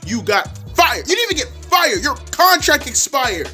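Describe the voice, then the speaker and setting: Loud, profane, ranting man. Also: very high voice, normal speed, soft background music. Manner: loud, profane, mocking and animated. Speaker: reaction video creator. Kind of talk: ranting reaction commentary.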